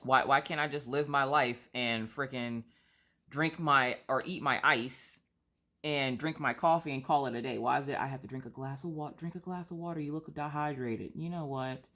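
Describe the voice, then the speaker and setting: A woman with a slightly stuffy nose chats casually as she colors on camera. She vents in a lively, theatrical way and piles up one rhetorical question after another. Her tone stays easy and conversational. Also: extremely low pitch, normal speed. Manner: animated, exaggerated rhetorical complaining. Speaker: craft vlogger. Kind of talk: casual chat while coloring.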